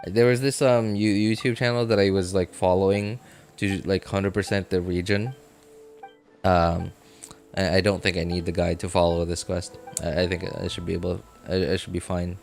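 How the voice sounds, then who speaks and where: A man with a lowish voice talks loosely to his stream audience while he plays, rambling from thought to thought in a self-deprecating way. His talk is packed with "like", "uh" and restarts. Faint game music plays under him. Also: level tone, normal speed, gravelly, darkish tone. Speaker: gaming streamer. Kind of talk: casual live-stream chat while playing.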